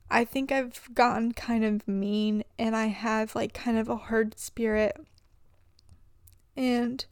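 A woman's voice: a little high, steady tone, slow, long pauses, dry recording, clean studio sound. A young adult woman talking through personal struggles in a rambling, confessional way, filling her speech with "like" and restarts. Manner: rambling, filler-heavy with frequent "like". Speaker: vlogger.

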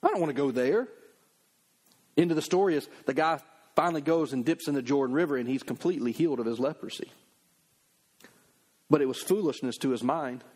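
Fairly high-voiced animated preacher man. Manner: conversational, animated preaching with acted asides. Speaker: pastor. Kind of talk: sermon.

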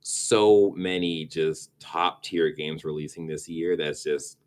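A man's voice: extremely low pitch, steady tone, slow pace, a little mellow. A man co-hosting a casual gaming podcast, rambling and stumbling over words, often restarting and laughing. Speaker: podcast co-host.

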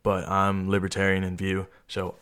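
A young man chatting casually as a guest, rambling in a relaxed way and often tagging his sentences with "right?". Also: low voice, moderate pace, smooth. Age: young adult. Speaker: interviewee. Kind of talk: casual chat.

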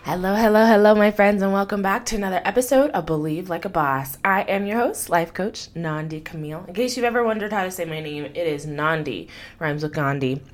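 A woman's voice: mid-range voice, fast talker, hardly any pauses, soft background music. A woman hosting her own life-coaching podcast, talking in an upbeat, chatty, encouraging way. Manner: upbeat, chatty, warm enthusiasm with frequent laughs. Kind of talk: motivational podcast monologue.

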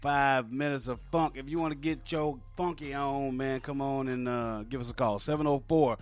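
A man co-hosting a casual call-in radio show, ranting with loud bursts and swearing freely. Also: mid-range voice, moderate pace. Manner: animated ranting, swings between loud and soft. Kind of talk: casual profane radio banter.

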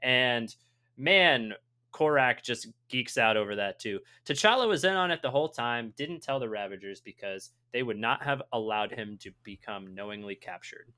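Bright-voiced man recapping with jokes. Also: mid-range voice, animated, normal speed, smooth. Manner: reads plot summary with jokes and self-corrections. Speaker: podcast host reading episode recap. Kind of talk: casual recap chat.

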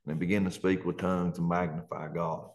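A man with an Appalachian accent gives a fervent, earnest testimony in a very low, deep voice. He speaks as a pastor, in plain country grammar, and comes close to tears at times. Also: level tone, fast talker, a little mellow. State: near tears. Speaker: pastor and guest. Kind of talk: emotional testimony.

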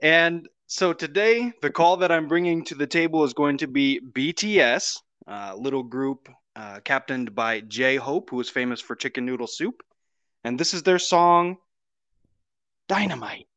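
A man's voice: fairly high pitch, a little slow, a bit bright, no echo. A man calling in to a casual chat, talking in a put-on Scottish accent, playful and mock-formal. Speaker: caller.

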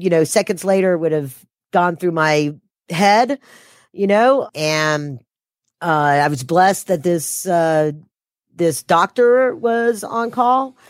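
A woman's voice: lowish voice, no room sound, studio quality. A woman telling a personal story as an interview guest, her voice rising when she quotes herself.

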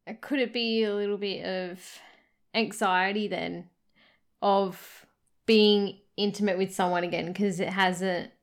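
Slow-talking woman, late twenties. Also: medium pitch, steady tone. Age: late 20s. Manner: teasing, giggly. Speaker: podcast co-host. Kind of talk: casual chat.

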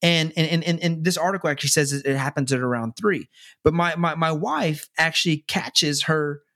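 A young man chatting casually as a podcast co-host, rambling with many restarts and repeated words, and turning animated when he quotes others. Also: moderate pace. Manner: animated, jumps higher when quoting others. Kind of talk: casual chat.

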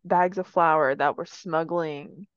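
A woman's voice: sits low, steady tone, slow, dry recording, highs cut off. A woman co-hosting a podcast in casual chat, playful and jokey, repeating words for fun. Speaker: podcast co-host.

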